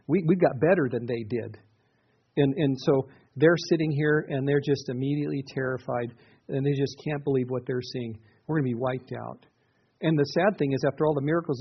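A man's voice: fairly high pitch, slightly rough, dull audio. A man preaching a sermon in a conversational way, often restarting his sentences as he teaches through a Bible passage. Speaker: pastor.

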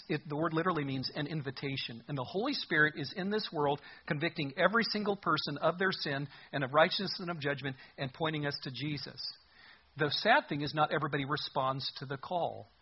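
A man's voice: fairly high pitch, fairly quick, slightly rough, lo-fi sound. A man preaching a sermon as a pastor, reading scripture aloud and pressing his points with earnest, rising emphasis.

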